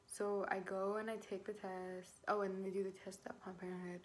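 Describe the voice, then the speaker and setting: Young woman telling her own story in a storytime vlog, speaking at a middle pitch. Her talk is loose and casual, full of "like" and swearing. She acts out what she said at the time, and there is a faint hiss behind her. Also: level tone, normal speed. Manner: casual, swears often, fills with "like". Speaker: vlogger.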